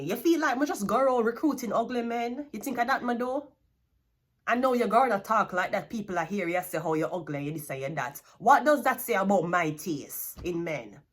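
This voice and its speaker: A woman's voice: mid-range voice, slightly rough. A Jamaican woman giving a tarot reading, blunt and scolding, with plenty of swearing. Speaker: tarot card reader.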